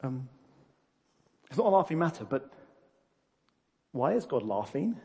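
A man preaching a sermon, animated and laughing often, with frequent restarts and fillers. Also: a little high, a little slow, pauses often, breathy edge.

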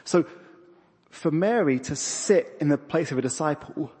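A man, his voice husky and a touch higher than most men's. He talks in a loose, self-deprecating way, and his words ring with a long reverb through the church. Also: expressive, measured pace, darkish tone. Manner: conversational, self-deprecating, with acted asides. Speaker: preacher. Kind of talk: sermon.

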